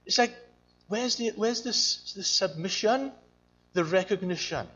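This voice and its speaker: High-voiced earnest male preacher. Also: a little slow, fairly bright tone, muffled recording. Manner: earnest, repeats phrases, mimics voices in quotes. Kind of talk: sermon.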